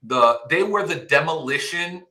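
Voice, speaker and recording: Guy with a bright voice rambling casually, lots of you-knows. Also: on the high side, lively intonation, unhurried. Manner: rambling, fan enthusiasm, many "you know"s. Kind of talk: casual chat.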